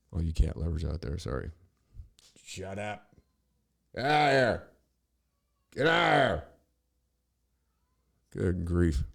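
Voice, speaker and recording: A man's voice: low-pitched, vocal fry, mellow. A middle-aged man hosting a podcast, ranting in a rambling, profane, sarcastic monologue full of restarts. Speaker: podcast host.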